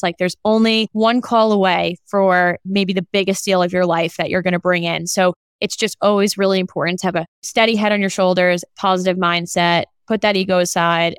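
Encouraging female interview guest, lowish smooth voice. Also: dry recording, studio quality. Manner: earnest, encouraging. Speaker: podcast guest. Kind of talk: casual interview answers.

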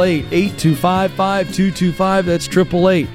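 A man's voice: high voice, steady tone, unhurried, music in the background. A man in his forties hosting a live radio talk show, upbeat and chatty in his banter. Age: 40s. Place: broadcast studio. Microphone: studio microphone.

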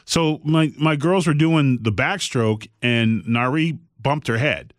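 A man's voice: mid-range voice, takes it slowly, no room sound, studio quality. A man co-hosting a podcast in a casual chat, talking bluntly and plainly about tough love. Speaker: podcast co-host.

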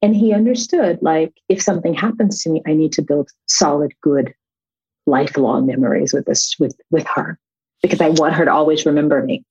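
Guest, woman, husky low voice, earnest storyteller, muffled remote line. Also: a little mellow. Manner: earnest storytelling, trailing restarts, quick laughs. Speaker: guest, actress and author. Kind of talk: casual conversation.

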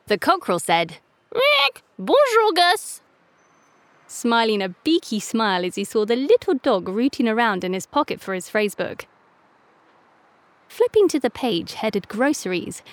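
A woman narrating a children's story in a playful, lively reading voice. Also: medium pitch, moderate pace, dry recording.

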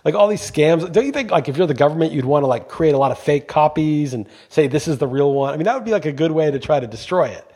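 A man's voice: fairly high pitch, animated, fast, few pauses, darkish tone, slightly rough. A man co-hosting a podcast, talking emphatically in casual chat and swearing freely when he gets going. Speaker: podcast co-host.

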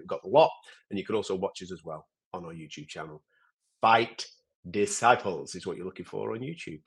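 A man's voice: fairly low pitch, vocal fry, breathy edge. A man hosting a sports podcast, bantering casually and swearing freely. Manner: banter, swearing, lively teasing. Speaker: podcast host. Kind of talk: casual chat.

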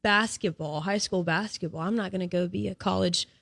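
A woman's voice: fairly low pitch, fairly even intonation, a little fast, vocal fry, a bit bright, no room sound. Young woman, radio guest, chatty storyteller, dry booth mic. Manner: chatty storyteller, frequent "like" fillers. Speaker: guest soccer analyst. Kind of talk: casual radio chat.

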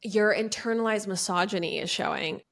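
A woman's voice: medium pitch, moderate pace, fairly bright tone. Playful woman podcast co-host. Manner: playful, mock-formal. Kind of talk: casual chat.

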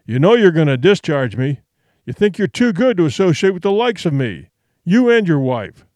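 This is a resentful, hoarse old-school sea captain, put on by a male narrator. He is loud and accusing, with a snarl and a lively, uneven pitch. The recording is dry and close, like an audiobook. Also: normal speed, no room sound. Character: hoarse, drunken, resentful ship captain, man.

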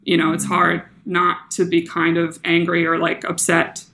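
A woman's voice: on the low side, monotone, measured pace, creaky, pushed and bright. A young woman, a podcast guest, telling a personal story in casual chat, laughing often and acting out what people said. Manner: chatty, laughs often, acts out quotes in her story.

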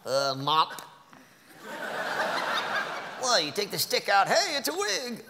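A man's voice: high voice, wildly swooping pitch, slow, heavy background noise, exaggerated voice. A man voicing a grumpy, crotchety old man puppet in a live ventriloquist stand-up act, cranky and sarcastic with blunt insults. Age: older. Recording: live hall with loud audience laughter.

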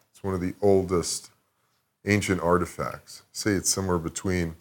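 A man talking as a podcast guest, telling a rambling, profane, reflective story in a casual chat. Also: low voice.

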